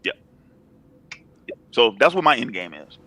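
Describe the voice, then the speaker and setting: A man's voice: mid-range voice, big pitch swings, a little slow, pushed and bright. A man in his thirties, a comic writer chatting as a guest in an interview, laid-back and slangy, often circling back to repeat himself as he builds a point. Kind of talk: casual interview chat.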